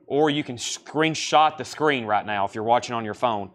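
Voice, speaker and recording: Bids, buyer names and record details pour out in a fast, rambling patter as this man in his thirties runs a live-stream record sale. His voice is mid-range and a bit bright.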